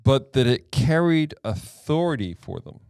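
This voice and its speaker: A man's voice: medium pitch, a little slow, gravelly, no echo, clean studio sound. A man hosting a casual Bible study podcast, talking animatedly and laughing easily. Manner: animated, laughs easily, reads scripture aloud. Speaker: podcast host and Bible teacher.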